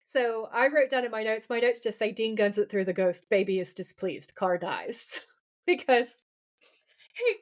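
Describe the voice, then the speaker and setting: A woman co-hosting a podcast, casually recapping an episode in a chatty, animated way with frequent laughter. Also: fairly high pitch, measured pace. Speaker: podcast co-host.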